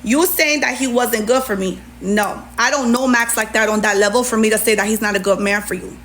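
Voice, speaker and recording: A woman's voice: a little high, fairly quick, slight background noise. Sassy woman venting on a livestream. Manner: sassy, animated, talks back to her chat. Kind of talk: venting on a live stream.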